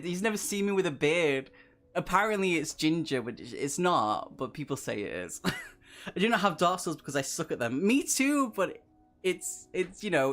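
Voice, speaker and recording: A man's voice: on the high side, a bit bright. A man streaming a gamebook playthrough, reading aloud and chatting with viewers, laughing often. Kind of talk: live-stream reading and chat.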